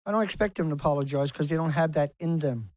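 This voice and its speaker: Talking fast in a somewhat high, mildly mellow voice, a man delivers an outdoor beach rant to camera as an activist vlogger. He's angry and profane, emphatically repeating himself, and the audio has no room sound.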